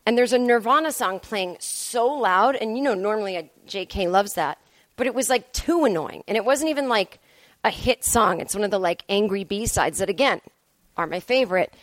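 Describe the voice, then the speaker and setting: A woman's voice: mid-range voice, expressive, moderate pace, dry recording. A woman comedian hosting her podcast alone, telling a rambling story in a sarcastic, self-mocking way. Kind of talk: solo storytelling monologue. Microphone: podcast microphone.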